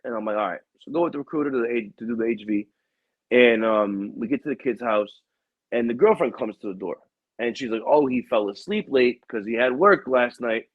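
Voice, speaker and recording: A man's voice: fairly quick, no echo, narrow, tinny audio. A young man hosting a podcast, telling a profane story in casual chat and acting out other people's lines with a raised voice. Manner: animated, profane, acts out quotes with raised pitch. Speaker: podcast host.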